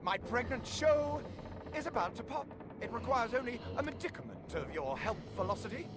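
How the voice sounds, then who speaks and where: Field: a pompous director who mangles big words. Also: male voice, extremely high pitch, very animated, normal speed, background noise. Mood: grandiose. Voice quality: florid, misuses big words. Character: pompous male theater director with a stage show. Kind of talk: game dialogue. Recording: loud game music behind.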